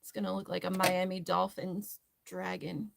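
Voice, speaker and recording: A woman's voice: on the low side, flat delivery, moderate pace, gravelly, background noise. A woman hosting a crochet tutorial, chatting casually and rambling as she works, laughing often. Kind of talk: casual chat while crocheting.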